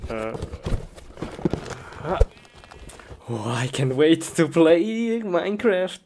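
Slow, low-voiced playful woman, noisy recording. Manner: playful, bursts into excited yelps. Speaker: comedy skit performer. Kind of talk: comedic skit acting.

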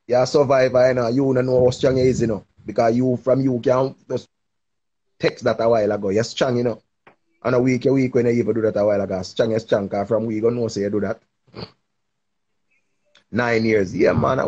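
A man's voice: mid-range voice, dark tone, dull audio. A man, hosting a casual advice chat and encouraging a listener in a preachy tone. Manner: preachy, encouraging, patois-heavy. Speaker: live stream host giving advice.

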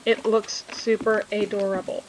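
A woman's voice: medium pitch, flat delivery, normal speed, slight background noise, rough recording. A woman hosting a casual let's play, chatting and joking with viewers as she plays. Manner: reads game dialogue aloud. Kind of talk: casual gameplay commentary.

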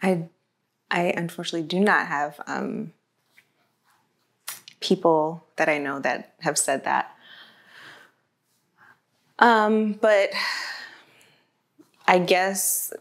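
A woman's voice: on the low side, a bit bright. A woman as an interview guest speaking candidly and hesitantly, with many fillers, on a lapel mic in a studio. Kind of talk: casual conversational interview. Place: indoor studio with white background.

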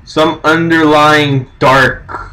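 A man playing a game, commenting nervously to himself and haltingly reading on-screen text aloud. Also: fairly high pitch, little pitch movement, bright, forceful tone, a little hiss or hum, poor audio. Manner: jumpy, nervous self-talk. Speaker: game streamer. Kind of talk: let's-play commentary.

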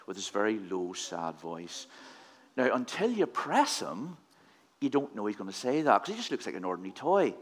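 A man with a lowish, sing-song voice leads a children's talk during church at normal speed, playfully asking the kids questions.

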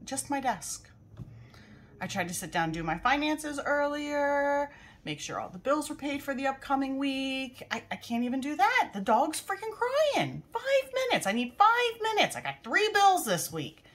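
A frazzled woman with a drawl rants about her day straight into the camera at her desk. Her pitch swings widely as she goes on, and she drops casual swears with weary exasperation. She sounds like she's talking to a friend. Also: big pitch swings, moderate pace, a bit bright. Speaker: beauty vlogger. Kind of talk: casual venting chat to camera. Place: at a home desk, indoors. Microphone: camera zoomed in at a desk.

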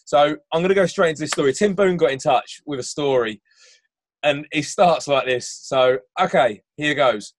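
A man hosting a casual podcast chat over a video call, telling stories in an animated, self-mocking way. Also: on the high side, moderate pace, no room sound. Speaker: podcast host.

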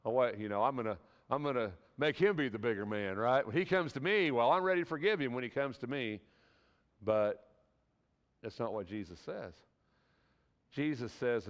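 A man's voice: mid-range voice, lively intonation, moderate pace, long pauses, big-room sound, muffled recording. A man teaching a church class in a conversational sermon style, earnest and folksy, often asking the class rhetorical questions.

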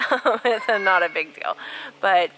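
Speaking slowly in a medium-pitched voice, a young woman vlogs outdoors with a handheld camera, chatting in a conversational way to her channel. She's recovering from a cold and still coughing. Wind and faint outdoor ambience can be heard in the background.

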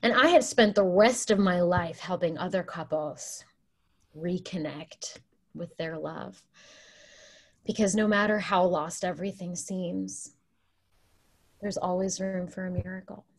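A woman's voice: lowish voice, fairly even intonation, unhurried. A woman voicing a tactless, chatty woman who counsels couples, read over a video call. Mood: earnest. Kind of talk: Zoom play reading.

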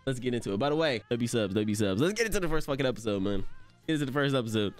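A young man hosting an anime reaction video, talking in excitable, slangy, profane bursts, often laughing and yelling. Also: medium pitch, racing, faint music behind. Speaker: anime reaction channel host.

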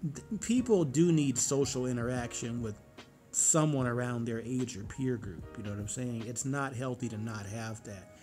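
A man's voice: medium pitch, normal speed, dark tone, faint music behind. Profane rambling man in his forties. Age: 40s. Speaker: vlogger. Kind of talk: casual monologue to camera.

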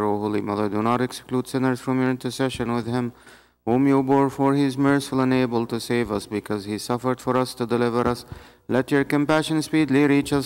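A man, a priest, reading liturgical prayers in a measured, solemn way in a church. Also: mid-range voice, clear, resonant tone. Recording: reverberant church hall.

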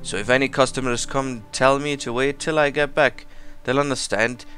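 A man's voice: medium pitch, steady tone, moderate pace, pushed and bright, lightly acted. A man reading a pious, grumpy shopkeeper from a game aloud in an odd put-on accent. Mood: grumbling. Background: game music.

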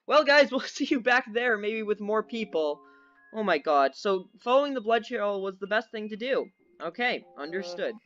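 A man's voice: high voice, animated, unhurried, fairly bright tone, dull audio. A man giving live commentary on a horror game, jumpy and easily scared, breaking into nervous laughs. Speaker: gaming channel host. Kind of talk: live commentary while playing.

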